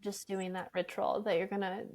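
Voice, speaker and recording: A woman's voice: medium pitch, little pitch movement, normal speed, creaky, a little mellow. A woman guest on a podcast, a spiritual energy coach explaining her ideas in a reflective, teacher-like way. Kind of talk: conversational interview.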